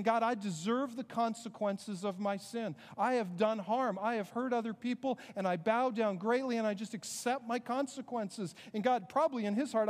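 A man preaching a sermon as pastor, earnest and conversational, with quick asides to the congregation. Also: high-pitched, a little mellow, in a large hall.

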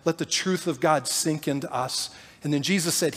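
Brief: high-voiced male pastor preaching earnestly, with a long hall echo. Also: moderate pace, breathy edge. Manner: earnest, animated storytelling. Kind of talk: sermon.

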